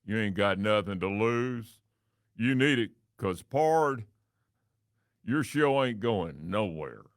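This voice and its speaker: A man voicing a loud, uninhibited drunk at the back of a bar, drawling and egging someone on. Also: lowish voice, expressive, takes it slowly, no room sound, studio quality. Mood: rowdy.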